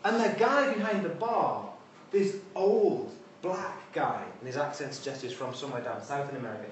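A man's voice: mid-range voice, expressive, moderate pace, a little hiss or hum. A man giving an informal university lecture with wry, conversational asides. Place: lecture hall. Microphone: distant room mic. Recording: echoey hall from far off.

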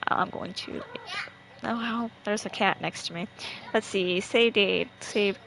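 A woman's voice: medium pitch, measured pace, creaky, a bit bright, poor audio. A woman streaming a game from home, chatting easily with her co-host and viewers and laughing often. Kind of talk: casual live-stream chat. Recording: faint background noise.

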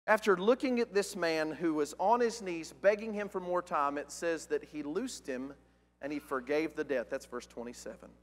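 Man, preacher, high voice, emphatic, questioning, church with long reverb. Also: moderate pace. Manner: questioning, emphatic, reads scripture aloud. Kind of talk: sermon. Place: church sanctuary.

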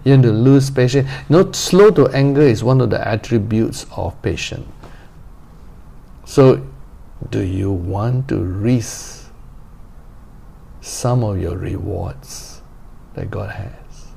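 A man's voice: fairly low pitch, animated, slow, creaky, pauses often, warm tone, breathy edge. A male pastor preaching a sermon, repeating phrases and asking the listeners direct questions.

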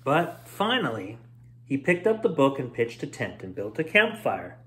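A man hosting a bedtime story show, reading a children's book aloud expressively. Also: medium pitch. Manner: expressive, drawn-out read-aloud.

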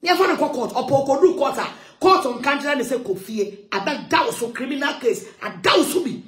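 A woman ranting loudly in a heated monologue, switching between English and Twi, with shouting and sing-song outbursts. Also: high-pitched, animated, moderate pace, echoey room. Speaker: social media commentator.

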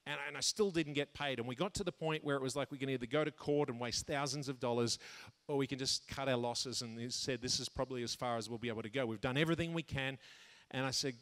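A man telling a personal story in a sermon to a men's conference, animated, jumping high when he acts out his own thoughts and laughing at himself. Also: fast talker. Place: large conference hall. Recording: long hall reverb.

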